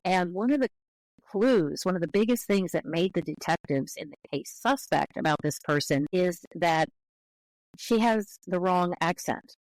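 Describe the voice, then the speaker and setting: A woman's voice: on the low side, no room sound, low-quality recording. Woman explaining in a dry, close recording. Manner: careful, explanatory, with frequent fillers and restarts. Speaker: linguist guest. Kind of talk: explanatory interview talk.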